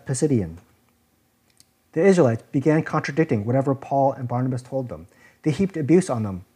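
A man's voice: fairly high pitch, a little mellow. Man preaching an earnest sermon. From Chinese community. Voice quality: earnest, explanatory, repeats words.

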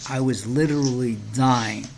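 A man's voice: mid-range voice, steady tone, a little slow, gravelly, slight background noise. A man co-hosting a faith podcast and preacher, giving an earnest personal testimony in casual conversation, with many restarts.

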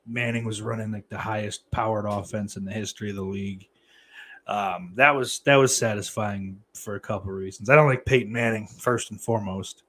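A man's voice: lowish voice, fairly bright tone. A man from the United States hosting a casual livestream, reading the chat aloud and rambling with lots of fillers and cursing. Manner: profane, rambling, with many fillers and mock outbursts.

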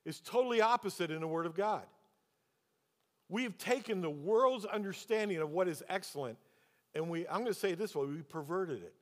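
In a high-pitched voice at an ordinary pace, a male pastor tells a personal story during his sermon before turning rhetorical questions on the congregation. A long hall reverb colors the audio.

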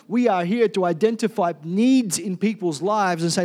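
High-voiced pastor preaching. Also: male voice, normal speed, a little mellow. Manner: casual, jokey, calls for amens. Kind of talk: sermon.

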